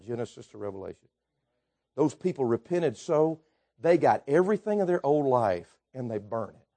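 A man preaching a sermon, telling stories with folksy asides and swinging from quiet remarks to shouts. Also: fairly high pitch.

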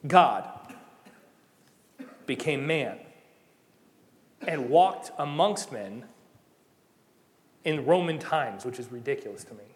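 A young man preaching a sermon in a lively, conversational way, rising to emphatic peaks. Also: medium pitch, takes it slowly, pauses often. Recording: long hall reverb.

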